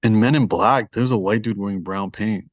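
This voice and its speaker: A man's voice: on the low side, moderate pace, no echo, clean studio sound. A man with a Toronto accent, a guest author talking candidly and self-deprecatingly in a casual podcast interview.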